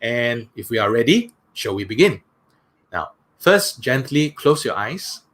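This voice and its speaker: A man, a workshop speaker leading a guided breathing exercise in a slow, soothing way, often saying "that's right". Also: medium pitch, big pitch swings, a bit bright.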